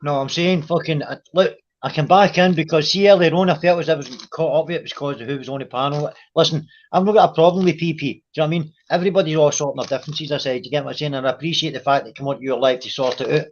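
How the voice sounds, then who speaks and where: A man's voice: fairly high pitch, rapid-fire, hardly any pauses, dull audio. A man on a video call, explaining himself earnestly in casual chat and swearing freely. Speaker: panel guest.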